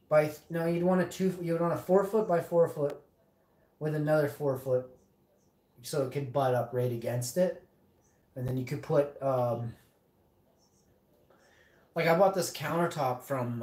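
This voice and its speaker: A man's voice: on the high side, darkish tone. A man telling a casual story to camera, rambling with lots of fillers, restarts and swearing. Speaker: vlogger. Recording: roomy echo.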